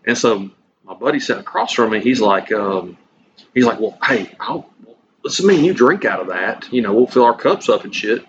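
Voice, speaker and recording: A man's voice: on the low side, lively intonation, normal speed. Rambling profane man telling a story. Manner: rambling, profane, acts out dialogue. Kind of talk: casual storytelling chat. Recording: slightly muffled with faint room noise.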